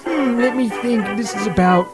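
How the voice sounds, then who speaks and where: A man's voice: very high-pitched, moderate pace, loud music behind the voice. A man co-hosting a podcast in casual chat, joking and rambling with self-deprecating asides. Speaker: podcast co-host.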